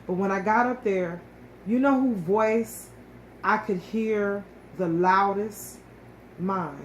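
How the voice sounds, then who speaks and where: She has a medium-pitched voice and speaks slowly as a co-host recounting a personal story with casual emotion, repeatedly restarting and saying words twice. There's an echo to the room and a faint hum of ambient noise.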